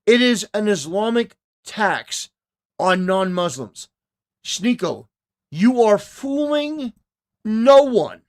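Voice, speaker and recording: Indignant man mocking a clip, pitch leaping. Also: sing-song, takes it slowly. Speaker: commentary host. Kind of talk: reaction commentary.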